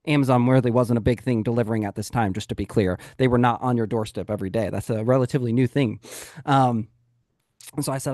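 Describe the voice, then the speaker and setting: A man's voice: mid-range voice, fast, no room sound, studio quality. A man hosting a live real estate coaching webinar, telling stories and acting out the dialogue in them. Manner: animated storytelling, acts out dialogue.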